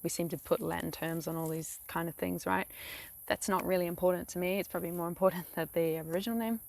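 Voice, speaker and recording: A young woman with a New Zealand accent talks through a casual how-to vlog, rambling and full of fillers. Her voice sits fairly low and has a gravelly edge. She is recorded outdoors beside a lake. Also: steady tone, fast, a little mellow. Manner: rambling, chatty, many fillers. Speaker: craft vlogger.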